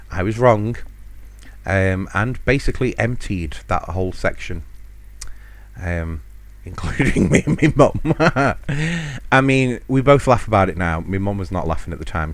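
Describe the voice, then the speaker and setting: Deep-voiced man telling stories. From United Kingdom. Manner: rambling and self-mocking, chuckling often. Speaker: podcast host. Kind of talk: casual solo storytelling.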